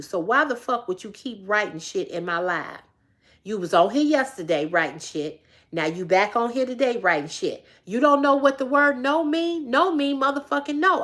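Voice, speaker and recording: Bright-voiced woman telling a blunt story. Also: fairly high pitch. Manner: blunt, profane, animated storytelling. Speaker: livestream host. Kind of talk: casual storytelling to a live chat.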